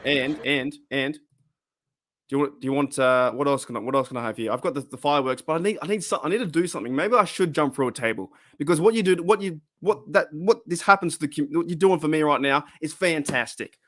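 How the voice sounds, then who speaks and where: A man's voice: fairly high pitch, fast talker, a bit bright. A man hosting a casual live-streamed fan podcast, rambling and reacting to chat comments. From Australia.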